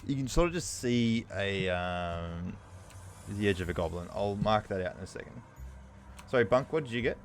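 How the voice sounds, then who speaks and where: A man's voice: fairly low pitch, lively intonation, moderate pace. A man narrating as game master, hesitant and apologetic at times.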